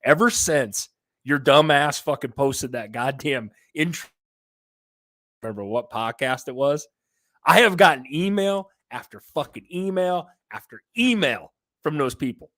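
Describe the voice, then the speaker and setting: A man hosting a casual sports podcast on a headset, excitable and loud, swearing freely. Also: fairly high pitch, unhurried. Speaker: podcast host.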